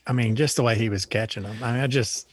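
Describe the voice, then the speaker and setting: A man's voice: medium pitch, quick pace, husky, no room sound, soft background music. A man co-hosting a casual fishing talk show, easygoing and enthusiastic. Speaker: co-host.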